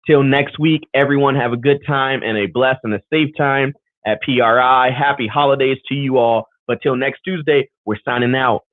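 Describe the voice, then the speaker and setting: A man's voice: medium pitch, fairly even intonation, normal speed, no room sound. A man co-hosting a live racing talk show, chatting loosely and rambling through thanks and sign-offs over a video call. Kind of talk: casual live show chat. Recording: tinny phone-like call audio.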